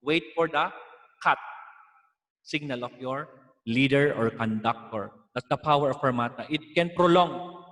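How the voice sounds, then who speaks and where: A man's voice: medium pitch, a little slow, long pauses, fairly bright tone, in a large hall. A man with a Filipino accent teaching an online music lesson, explaining patiently and slipping in Tagalog asides.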